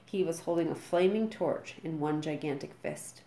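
A woman reading a children's storybook aloud with lively, dramatic delivery. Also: low-pitched, moderate pace, creaky, hardly any pauses, reverberant.

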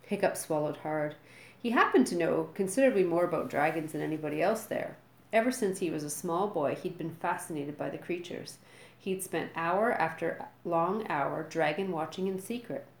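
Low-voiced woman reading a storybook aloud. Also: normal speed, reverberant.

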